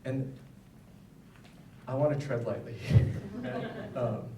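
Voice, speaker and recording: A man's voice: medium pitch, slow pace, noisy background. A man, a psychologist, giving a conversational talk to parents with personal stories, often checking in with "right?". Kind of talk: public lecture with personal stories. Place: school event hall. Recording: roomy, distant mic, faint ambience.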